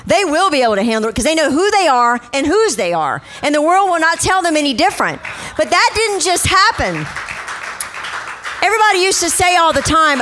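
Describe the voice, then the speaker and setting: A middle-aged woman pastor preaching a sermon, emphatic and repeating key phrases slowly. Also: high-pitched, very animated, a bit bright.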